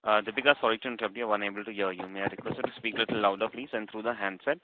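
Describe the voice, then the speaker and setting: A man's voice: lowish voice, steady tone, very fast, background noise. A man moderating a conference call, polite and formal. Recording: tinny phone line.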